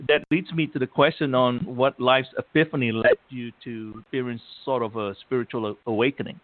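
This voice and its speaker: A man's voice: mid-range voice, steady tone, a little fast. A male host asking interview questions, with encouraging responses to his guest. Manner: encouraging, frequent affirming murmurs. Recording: phone-like narrow sound.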